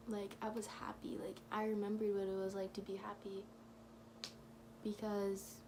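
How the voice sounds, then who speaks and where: A woman's voice: mid-range voice, a little hiss or hum. A woman telling a rambling, gushing story for her vlog, leaning on "like" again and again. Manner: gushing, rambling, heavy use of "like". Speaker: vlogger.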